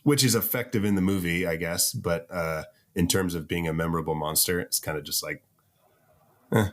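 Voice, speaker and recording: Chill low voiced guy on a podcast, laughs easy, lots of ums. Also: moderate pace. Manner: laid-back, laughing, lots of fillers. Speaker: podcast co-host. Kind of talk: casual chat.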